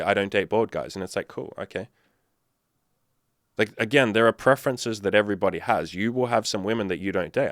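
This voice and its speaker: Man, blunt dating coach, low voice, dry recording. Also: dry recording. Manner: blunt, swears freely. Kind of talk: casual commentary to camera.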